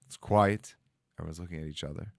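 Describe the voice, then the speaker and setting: A man's voice: low voice, fast, creaky, darkish tone, no echo, studio quality. A man, a rabbi telling a story and acting out the voices of the people in it. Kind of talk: storytelling talk. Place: studio.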